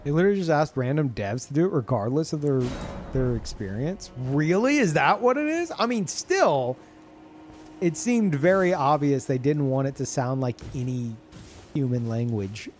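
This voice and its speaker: A man streaming a game live, chatting casually to his viewers, excitable, swearing freely and laughing often. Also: mid-range voice, moderate pace, slight background noise. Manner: talks to chat. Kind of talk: casual live gameplay commentary.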